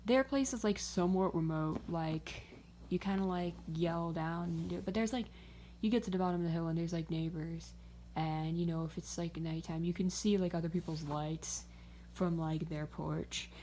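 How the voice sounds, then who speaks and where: Young woman vlogger, low-set voice, rambly storyteller who swears a lot. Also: normal speed, dark tone, slight background noise. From greater Pittsburgh area. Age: young adult. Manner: rambling, filler-heavy, swearing and laughing. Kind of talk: casual storytime chat.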